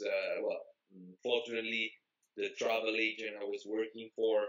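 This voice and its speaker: A man from Spain speaks English with a Spanish accent in a relaxed interview, his voice bright and forward. He talks loosely, full of "like" and "you know", restarting phrases as he goes. The recording is somewhat dull and lo-fi. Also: lowish voice. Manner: rambling, many fillers and restarts. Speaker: interview guest. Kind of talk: casual interview chat.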